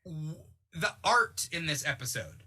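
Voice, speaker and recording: A man's voice: on the high side, measured pace, husky. A man hosting a podcast in casual chat, joking around and reading out viewer comments. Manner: animated, reads out chat comments, jokey. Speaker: podcast host.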